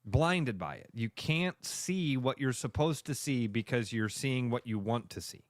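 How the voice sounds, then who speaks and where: A male sports radio co-host in casual chat, animated, acting out fans' reactions in quick voices. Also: mid-range voice, no room sound, clean studio sound.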